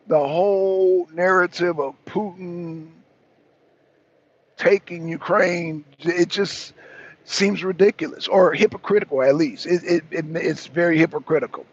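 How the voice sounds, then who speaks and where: A man's voice: high-pitched, takes it slowly, long pauses, muffled recording. A man hosting a livestream, talking to his chat in an emphatic, repetitive way and arguing back at commenters. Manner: emphatic, repeats himself, argues back. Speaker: host.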